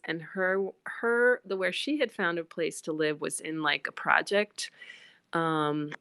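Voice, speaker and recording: A woman's voice: lowish voice, steady tone, slow pace, fairly bright tone, clean tone, dry recording, clean studio sound. A middle-aged woman telling a rambling personal story on a phone livestream, full of fillers and acted-out quotes. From United States. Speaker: livestream host.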